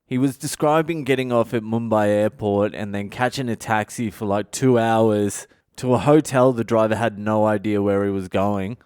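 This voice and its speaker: A man with a low, smooth, resonant voice tells his own stories on a solo podcast, swearing freely and speaking bluntly as he rambles from one anecdote to the next. The sound is close and dry, with no room echo. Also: fairly even intonation, normal speed, a little mellow. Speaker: podcast host, comedian. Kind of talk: solo confessional podcast storytelling.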